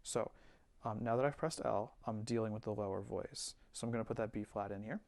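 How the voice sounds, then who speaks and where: A man giving a relaxed screen-recorded music software tutorial, thinking aloud with fillers as he works. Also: fairly low pitch, brisk, creaky, dry recording. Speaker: music teacher.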